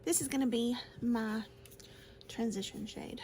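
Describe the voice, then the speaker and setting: A woman with a fairly high voice chats her way through a makeup tutorial, gushing over each shade and laughing easily. A faint hiss sits behind her voice. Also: steady tone, measured pace, darkish tone. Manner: chatty and gushing, laughs often. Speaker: beauty vlogger. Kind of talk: casual makeup tutorial chat.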